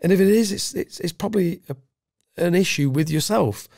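A man's voice: sits high, brisk, vocal fry, darkish tone, no room sound, clean studio sound. A middle-aged man from England, a former special forces guest on a podcast, talking bluntly and casually with heavy swearing. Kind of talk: casual interview chat.

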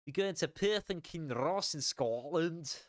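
A tired young man chatting casually as a sim racing streamer, relaxed and rambling with frequent chuckles. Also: fairly high pitch, measured pace, no room sound, clean studio sound. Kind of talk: casual live stream chat.

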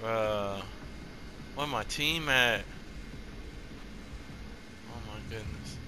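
A man hosting his gaming channel, giving casual gameplay commentary with loud, excitable, repeated exclamations. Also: lowish voice, extremely slow, heavy background noise. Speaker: gaming YouTuber host.

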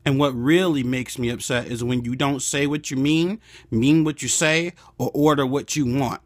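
A man's voice: mid-range voice, normal speed, hardly any pauses, no room sound. A man hosting a comedic devotional video, talking in a playful, preachy way and reading scripture. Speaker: host.

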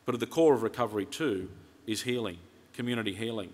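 A middle-aged Australian man giving a conference keynote speech, earnest and steady, telling his points in detail. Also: on the low side, fast talker. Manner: earnest, retells conversations in detail. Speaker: keynote speaker. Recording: reverberant conference hall.

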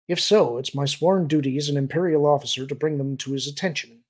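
A man voicing an older male admiral who speaks calmly and evenly with a dry edge. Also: on the high side, close to an everyday voice. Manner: calm, measured, dry.

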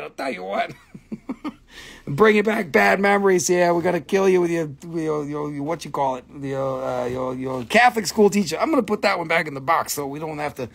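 A man's voice: a little high, normal speed, creaky. A man hosting a casual live stream selling rocks, joking and rambling with plenty of swearing. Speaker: rock shop seller.

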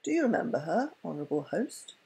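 Woman doing grave wealthy enchanter, measured, low husky voice. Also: sing-song, warm tone, heavily acted, low-quality recording.

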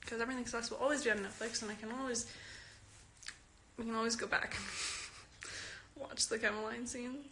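A woman's voice: a little high, steady tone, normal speed, long pauses, pushed and bright, slight background noise. A fourteen-year-old girl from Canada, giggling and chatting as she reads out and answers fans' questions on a phone live stream. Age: teen.

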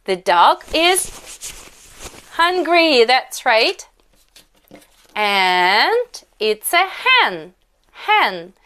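A young woman with a Russian accent leads a children's English lesson in a high, lively voice. She speaks very slowly and coaxes little ones to repeat each phrase. Her tone is smooth and clear. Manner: slow, exaggerated, coaxing delivery with prompts to repeat.

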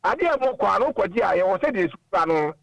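A man's voice: high-pitched, big pitch swings, very fast, vocal fry, dull audio. A man calling in to a radio talk show, giving earnest, moralizing opinions. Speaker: caller. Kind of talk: call-in radio chat.

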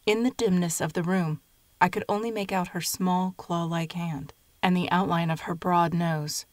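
Low, measured woman narrator. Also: no echo. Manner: measured, even storytelling. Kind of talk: scripted narration of a short story.

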